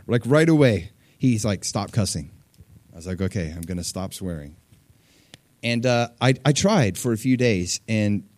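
A man preaching a sermon, conversational with fillers and small laughs, rising to loud peaks and dropping to hushed asides. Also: on the low side, no echo. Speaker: pastor.

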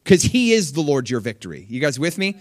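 A young man preaches a sermon in a casual, conversational tone. His voice sits a bit high and swings widely as he acts out quotes with big leaps. The sound is close and dry. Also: very animated, a little fast, no echo.

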